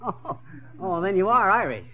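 A bumbling braggart who has just come into money, in a 1940s radio comedy. His voice is high and swoops around. He blusters and stammers through a dull old broadcast recording. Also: normal speed, noisy background. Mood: boastful. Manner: blustering, stammering, lively swings. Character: boastful newly rich middle-aged man, bumbling.

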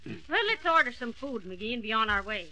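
A deadpan teasing wife. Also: female voice, a little high, moderate pace. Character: dry-witted down-to-earth wife. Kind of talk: 1940s radio comedy acting.

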